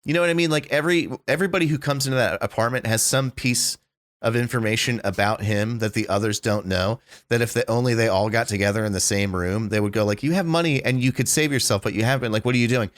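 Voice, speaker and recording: A man co-hosting a podcast, talking excitedly in a casual way, full of "like" and "dude", with some swearing. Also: mid-range voice, fast talker, dry recording, clean studio sound. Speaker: podcast co-host. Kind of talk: casual chat.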